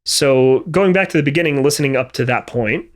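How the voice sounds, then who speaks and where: Speaking briskly in a medium-pitched voice, a music production instructor walks through MIDI drum programming in a screen-recorded tutorial. He reasons aloud methodically, frequently using fillers and restarting, with drum and music playback between his remarks.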